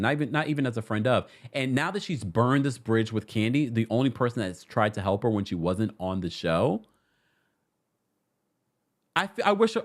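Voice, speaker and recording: A young adult man hosting a casual reality TV recap show, sassy and chatty as he reads viewer comments and gives his takes. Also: on the high side. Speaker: host.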